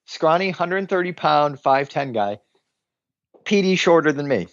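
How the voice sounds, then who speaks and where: A man hosting a casual podcast, telling animated, profane stories and imitating the people in them. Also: fairly high pitch, measured pace, no room sound, muffled recording. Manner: animated, profane storyteller who mimics people. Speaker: podcast host.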